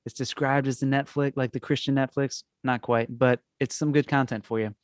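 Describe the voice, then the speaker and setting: A man's voice: mid-range voice, fairly even intonation, brisk, dry recording. Brief: male host, mid-range voice, easygoing, dry close sound. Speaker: podcast host. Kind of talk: casual chat.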